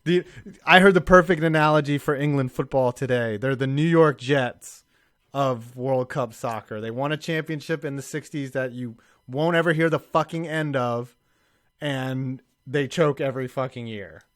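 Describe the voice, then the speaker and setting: A man's voice: medium pitch, moderate pace. A man hosting a live-streamed sports talk show, ranting hot takes with lots of swearing in casual banter.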